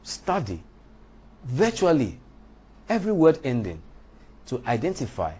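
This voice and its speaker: A man delivers a deliberate, emphatic phonetics lecture in a husky voice, with his pitch leaping and falling. He speaks English as a second language and spells out word endings letter by letter. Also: huge pitch swings, dark tone. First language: not English. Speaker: English teacher.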